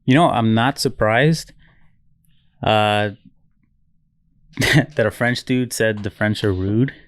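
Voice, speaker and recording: Laid-back young man, smooth voice. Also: lowish voice, takes it slowly, no echo, clean studio sound. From United States. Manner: laid-back, swears casually in stories. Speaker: podcast co-host. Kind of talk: casual chat.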